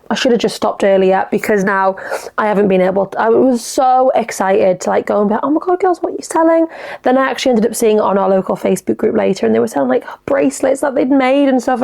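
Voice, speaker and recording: A woman's voice: fairly high pitch, creaky. A young woman hosting a casual solo podcast, talking frankly and swearing freely as she reads out listener dilemmas. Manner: chatty, frank, sweary, animated. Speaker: podcast host.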